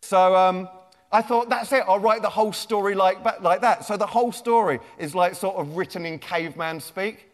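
A high-voiced man talks in a jokey, chatty way to a young crowd. He is a children's author giving a live comic talk. His voice rings out with a long reverb in a big lecture theatre. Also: normal speed.

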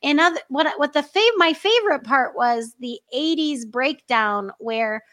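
A woman's voice: high-pitched, lively intonation, a little slow, fairly bright tone. A woman chatting as a podcast guest, telling a story with lots of giggles. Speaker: guest, host's wife. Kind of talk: casual podcast chat.

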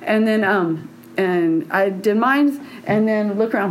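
A woman's voice: medium pitch, expressive, measured pace, slight background noise, rough recording. Frank, rambling woman telling a story. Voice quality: laughs often, meandering and frank. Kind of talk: personal storytelling.

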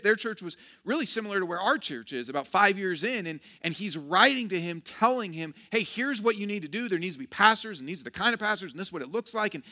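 Bright-voiced casual pastor preaching. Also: male voice, high-pitched. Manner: casual, joking, self-deprecating with restarts and laughs. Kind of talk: sermon. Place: church.

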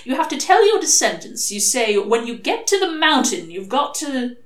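A woman's voice: high voice, very animated, moderate pace, voice pushed up. A woman voicing a fussy, prim male angel who frets and dithers. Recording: echoey room.

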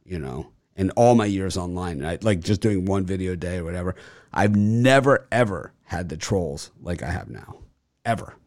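A man with a lowish voice, recorded dry and close, as he talks through a casual show segment. He rambles with lots of fillers and tends to boast. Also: animated, moderate pace, a little mellow, dry recording. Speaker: sports betting show host. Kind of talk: casual chat.

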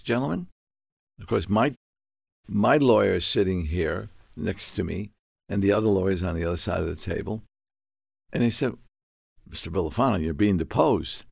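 Gravelly older man telling a story. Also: dry recording, studio quality. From Puerto Rico. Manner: animated, acts out dialogue with sudden high-pitched outbursts. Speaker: guest. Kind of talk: storytelling interview.

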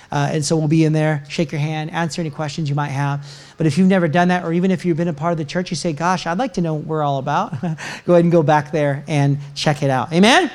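A middle-aged man, a pastor, giving announcements and a sermon in a church in a casual, joking way. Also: on the high side. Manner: casual, chatty, self-mocking humor. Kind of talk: sermon with announcements and a personal story. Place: church sanctuary.

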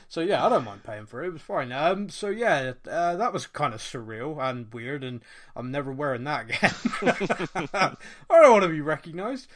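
A man's voice: a little high, a bit bright. A man from England, hosting a casual podcast chat in a jokey, self-mocking way and laughing often. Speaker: podcast host.

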